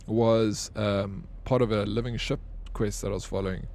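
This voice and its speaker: In a casual gaming stream, a young man banters and jokes with his chat, swearing freely. He talks at a moderate pace with few pauses, in a fairly low, darkish voice.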